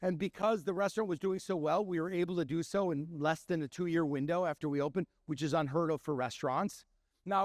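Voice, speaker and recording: Middle-aged man, chef and owner, high voice, animated storyteller, dry close sound. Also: no echo. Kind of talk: storytelling talk.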